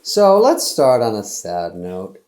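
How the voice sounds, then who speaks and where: A man's voice: fairly low pitch, wildly swooping pitch, slow pace, darkish tone, echoey room. A middle-aged man hosting, delivering a loose, sarcastic comedy monologue that acts out little quotes in other voices. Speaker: host.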